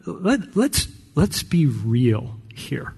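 A man preaching a sermon in a slow, folksy storytelling way, often clearing his throat. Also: on the high side, sing-song, darkish tone, big-room sound.

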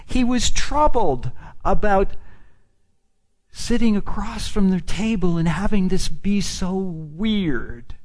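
Middle-aged male preacher, slightly higher voice, slow deliberate delivery, whispers then thunders. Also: animated. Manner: dramatic swings from hushed whispers to loud, emphatic rises. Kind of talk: sermon.

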